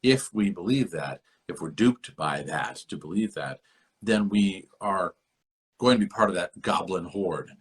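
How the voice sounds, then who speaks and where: A man's voice: sits low, unhurried, breathy edge. A man hosting a podcast, musing at length in a rambling, lecturing way about a book, repeating himself as he thinks aloud over a remote call. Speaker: podcast host. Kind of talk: rambling literary discussion.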